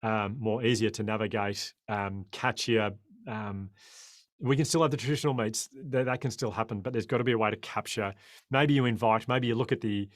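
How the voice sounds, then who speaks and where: An Australian man in his forties, a guest on a podcast interview, talking in an impassioned, animated way. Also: lowish voice, fairly quick, no room sound, clean studio sound. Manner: impassioned, animated storyteller who acts out quoted voices.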